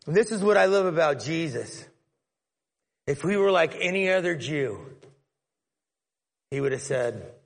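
A man's voice: a little high, animated, a little slow, pauses often. A man preaching a conversational sermon, retelling a Bible story and acting out its characters. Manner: conversational, storytelling, acts out the scene. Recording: long hall reverb.

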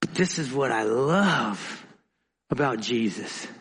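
A man preaching a sermon, dramatic, swinging between emphatic lines and quiet, hushed asides. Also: medium pitch, lively intonation, slow pace, husky, in a large hall.

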